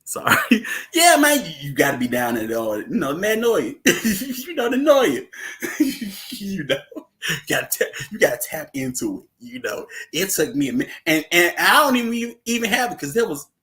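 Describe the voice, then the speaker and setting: A man's voice: a little high, very animated, normal speed, pushed and bright. A man chatting casually as host, laughing often and telling loose, slangy stories. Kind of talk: casual chat.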